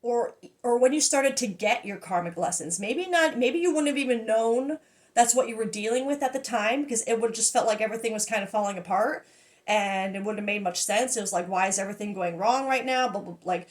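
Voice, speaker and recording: Woman tarot reader with a high voice, talking casually to camera; excitable, gushing, breaks into laughs and half-finished phrases. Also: a little fast. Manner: excitable and emotional, laughing, trailing off into fragments.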